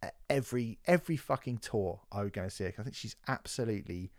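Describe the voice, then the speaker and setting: A man's voice: lowish voice, fast talker, a little mellow, dry recording, studio quality. A young man co-hosting a podcast in casual chat, swearing freely and rambling through fillers and restarts. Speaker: podcast co-host.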